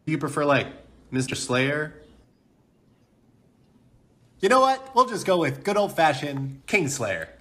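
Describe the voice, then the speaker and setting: A man's voice: fairly high pitch, very animated, unhurried, pauses often, a bit bright. A man voicing a showy male gossip show host who talks in bubbly announcer patter. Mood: chirpy.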